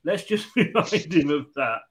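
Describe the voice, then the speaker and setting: A man's voice: on the high side, lively intonation, a little slow. A man hosting a casual online quiz, joking and laughing as he explains the rules and reads comments. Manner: jokey, chatty, laughs often. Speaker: quiz host.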